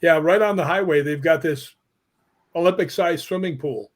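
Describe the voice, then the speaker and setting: Animated man telling ghost stories. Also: fairly high pitch, moderate pace. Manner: animated, laughs at his own stories. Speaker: guest. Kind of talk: casual storytelling. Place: live online show, remote call.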